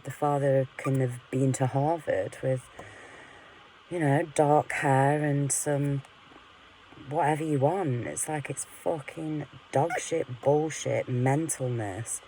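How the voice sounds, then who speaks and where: A woman's voice: a bass voice, steady tone, slow pace, mellow, a little hiss or hum, poor audio. A woman venting in a candid, rambling monologue to her camera, frank and full of swearing, often laughing at herself. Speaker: vlogger.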